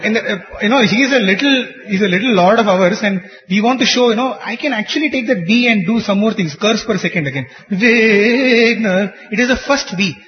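A man's voice: high-pitched, a little fast, hardly any pauses. A man giving an earnest, explanatory teaching talk to a group on devotional singing, chuckling over anecdotes. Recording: dull recording in a reverberant hall.

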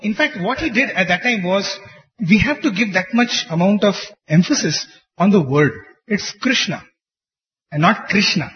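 A man's voice: sits high, expressive, normal speed. A man giving an earnest, explanatory teaching talk to a group on devotional singing, chuckling over anecdotes. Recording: dull recording in a reverberant hall.

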